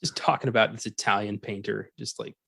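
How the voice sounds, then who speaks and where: A man tearing into a bad movie on a podcast, sarcastic and quick to laugh. His voice sits in a dry, close sound with no room around it. He swears freely and mocks the dialogue he quotes. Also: on the low side, steady tone, gravelly, a bit bright, breathy edge, dry recording. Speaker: podcast co-host. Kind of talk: casual movie review chat.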